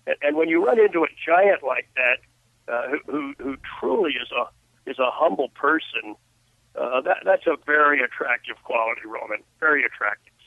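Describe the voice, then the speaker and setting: A man's voice: mid-range voice, animated, moderate pace, gravelly, dry recording. An older man, an author and guest on a phone interview, telling stories in a reflective way with many restarts. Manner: reflective storyteller with frequent restarts. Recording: tinny phone line.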